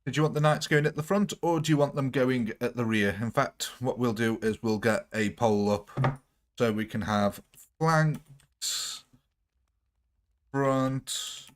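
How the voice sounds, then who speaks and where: Streaming a strategy game live, this young gaming livestreamer keeps up a jokey, giggly chat with his audience. He speaks in a mid-range voice at a measured pace, leaving long pauses.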